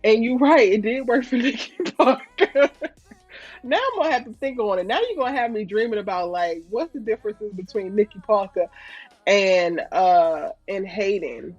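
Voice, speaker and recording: A woman hosting a casual recap show, animated and exasperated, reading out viewer comments. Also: mid-range voice, moderate pace, breathy edge, dry recording, dull audio, faint music behind.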